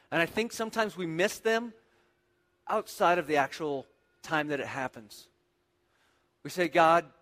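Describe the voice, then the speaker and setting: Man preaching in a big echoing room. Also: fairly high pitch. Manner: preaching with surges of intensity and quiet reflective passages. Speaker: pastor. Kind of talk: sermon.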